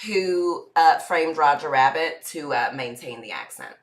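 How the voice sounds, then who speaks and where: A woman's voice: low-pitched, lively intonation, measured pace. A woman doing an improvised comedy sketch in a playful manner, putting on a New York accent.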